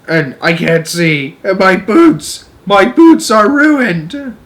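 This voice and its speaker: A man voicing a frantic, boastful male centipede in a storybook read-aloud, shrill and panicky. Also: lively intonation, slow pace, fairly bright tone, heavily acted. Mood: panicked.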